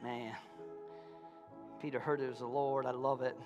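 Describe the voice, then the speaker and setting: A man pastor preaching a sermon in a church, folksy, calling out to his congregation, swinging from loud fervor to quiet intensity. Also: medium pitch, little pitch movement, moderate pace, highs cut off, music in the background. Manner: impassioned, rising to shouts and dropping to quiet. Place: church sanctuary.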